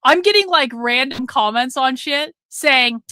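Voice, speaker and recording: A woman's voice: high voice, lively intonation, unhurried, sharp tone, clean tone, dry recording. A woman hosting a livestream, reacting to a clip with sarcastic, profane and mocking commentary.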